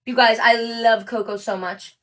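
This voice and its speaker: A woman's voice: a little high, fairly even intonation, normal speed. A woman hosting a casual livestream as she packs orders, chatty and upbeat, with frequent ums and likes. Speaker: livestream host packing orders.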